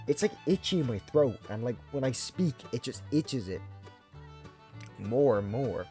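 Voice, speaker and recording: A young Irish man hosting a comedy vlog, narrating a script with sarcastic deadpan asides. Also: medium pitch, slow pace, pauses often, soft background music. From Ireland. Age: young adult.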